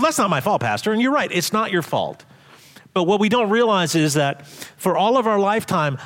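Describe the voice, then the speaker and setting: A man preaching a sermon as pastor, lively and joking, with frequent restarts. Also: high-pitched.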